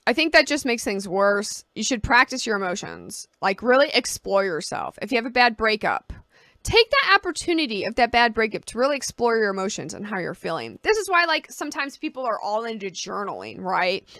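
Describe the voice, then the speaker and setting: A woman's voice: a little high, big pitch swings, a little fast, sharp tone, dry recording, clean studio sound. A woman vlogger talking casually to camera, giving personal advice and explaining with homely analogies.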